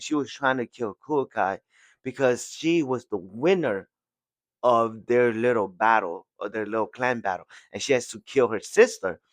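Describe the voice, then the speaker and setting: A male podcast host talks through a story recap in a loose, rambling way, restarting sentences and chuckling often. His voice sits at an ordinary middle pitch. He is recorded on a close mic in a dry space with almost no reverb. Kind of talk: casual chapter recap.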